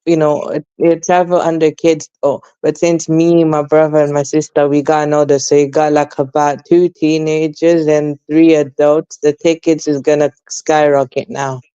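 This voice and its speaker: Young London man, college age, guest in a casual chat, flat delivery, muffled and dry. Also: fairly high pitch, moderate pace, few pauses, clean tone, no room sound. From England. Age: young adult. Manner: rambling, repeats fillers like "basically" and "though".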